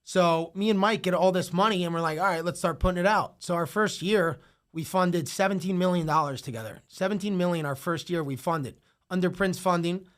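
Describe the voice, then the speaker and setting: With a high-pitched voice and brisk pace, a young entrepreneur guest on a casual podcast rambles through stories, swearing and filling gaps with lots of "like."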